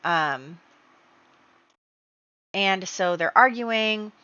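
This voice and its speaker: A woman's voice: mid-range voice, animated, bright, forceful tone, clean tone, dry recording. A woman casually narrating her gameplay story, chatty and full of fillers. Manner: chatty, storytelling with many fillers and quick acted quotes. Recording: dull, lo-fi home mic.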